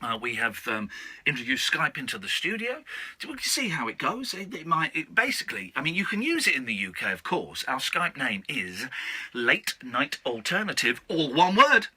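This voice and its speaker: A man's voice: mid-range voice, huge pitch swings, normal speed, pushed and bright, slightly rough, dry recording. A man hosting a late-night radio show, chatting in a rambling, self-interrupting way. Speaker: radio host.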